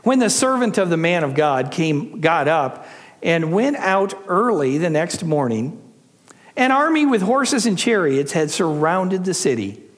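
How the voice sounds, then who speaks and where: A man preaching a verse-by-verse sermon, telling the story expressively with dramatic pauses. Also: on the high side, sing-song, big-room sound. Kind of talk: expository sermon.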